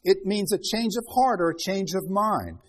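A man's voice: sits high, normal speed. A man preaching a Bible-teaching sermon, reading scripture aloud with rising emphasis and then explaining it in loose, restarting talk.

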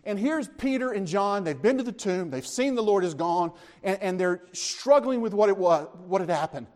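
A man preaching a sermon, retelling scripture as a story, asking his listeners questions and lifting his voice when he speaks the disciples' lines. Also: moderate pace. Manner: animated storytelling, voices the disciples' words with rising pitch; conversational, asks the listeners questions.

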